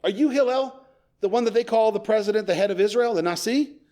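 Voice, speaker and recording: An obnoxious man from ancient times needles a sage in a demeaning, mocking tone, as a preacher acts him out. His voice sits a bit high for a man and has a jeering edge. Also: fast, mellow, close to an everyday voice. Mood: indignant.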